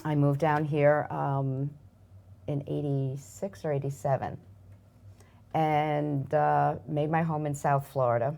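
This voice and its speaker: A woman's voice: low-pitched, level tone, takes it slowly, vocal fry, warm tone. An older woman with a New York accent, chatting as an interview guest, effusive and self-deprecating. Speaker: guest, arts nonprofit marketing director. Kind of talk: casual interview chat.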